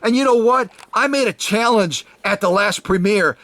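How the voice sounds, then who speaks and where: A man's voice: sits high, normal speed, a bit bright, no room sound. A man who restores vintage sewing machines, hosting his channel and making an effusive, repetitive fundraiser appeal to his viewers, whom he calls folks. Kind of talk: enthusiastic direct-to-camera fundraiser appeal.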